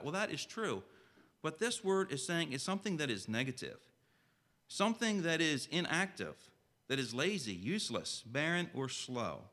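A man preaching a sermon in a conversational way, asking his listeners direct questions and reading scripture slowly and solemnly. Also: on the high side, big pitch swings, pushed and bright.

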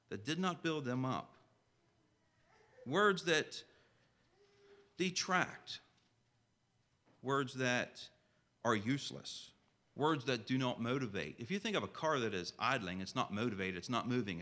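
A man preaches conversationally, putting direct questions to his listeners and reading scripture slowly and solemnly. His voice is medium in pitch with a fairly bright tone.

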